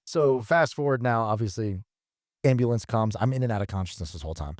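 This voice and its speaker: A man guest on a podcast, telling a story in a casual, profane, animated way and acting out quotes. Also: medium pitch, a little fast, dry recording, studio quality. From the Bronx, New York.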